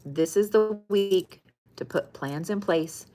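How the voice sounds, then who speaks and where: Soft music sits under a woman's warm, mid-range voice as she slowly gives a casual weekly zodiac card reading. A tarot reader who is tired and yawning, she speaks bluntly, swears frequently and repeats phrases for emphasis.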